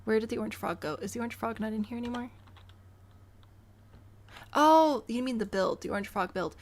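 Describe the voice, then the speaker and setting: A woman's voice: fairly high pitch, a little fast. A woman live-streaming a building game, chatty and self-amused as she talks to her chat while she builds. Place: home room.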